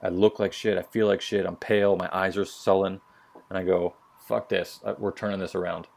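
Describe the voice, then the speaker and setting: Low-pitched and a little mellow, this veteran talks fairly quickly with a flat delivery and vocal fry. His casual podcast stories are blunt and full of profanity, with quotes acted out.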